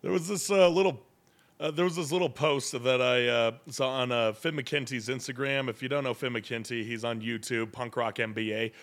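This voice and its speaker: A podcast co-host with a steady, fairly bright mid-range voice speaks at normal speed. He rambles through casual chat with plenty of fillers.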